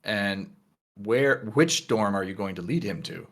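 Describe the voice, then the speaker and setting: A man narrating as game master of a tabletop game, relaxed and full of fillers. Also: fairly low pitch, measured pace.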